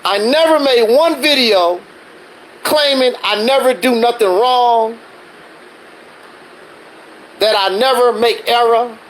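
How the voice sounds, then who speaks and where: A man's voice: very high-pitched, fairly bright tone, a little hiss or hum, low-quality recording. A man hosting a livestream, ranting defensively in a casual monologue full of rhetorical questions. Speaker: livestreaming channel host.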